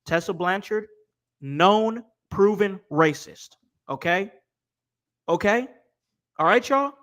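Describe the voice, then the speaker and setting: Man, livestream host, emphatic, repeats himself, higher voice. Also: expressive, a bit bright. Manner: emphatic, repeats points slowly. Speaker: podcast host. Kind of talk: casual livestream chat.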